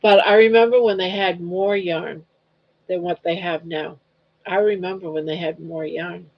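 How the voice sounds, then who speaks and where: Gravelly older woman chatting on livestream. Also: lowish voice. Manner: rambling, reads chat comments aloud, coos at her dog. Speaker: livestream host. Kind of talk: casual chat. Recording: dull lo-fi livestream audio.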